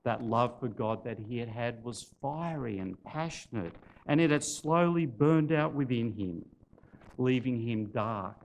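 A man preaching a sermon, telling a story and then making emphatic, forceful appeals to the congregation. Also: medium pitch, expressive, a little slow, slight background noise.

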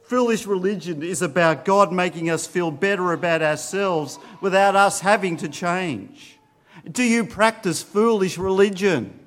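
A man's voice: high-pitched, animated, unhurried, fairly bright tone. A man preaching a sermon, earnest, often putting questions to his listeners.

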